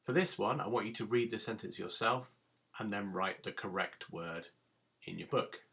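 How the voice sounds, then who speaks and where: A man's voice: fairly low pitch, moderate pace, vocal fry, sharp tone. A man teaching a recorded phonics lesson to young children, giving patient step-by-step instructions. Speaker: primary school teacher.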